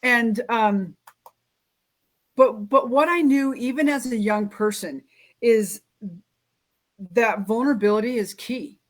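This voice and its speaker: Female host, slightly high voice, earnest and reflective, casual chat. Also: takes it slowly, long pauses. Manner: earnest, reflective, many restarts.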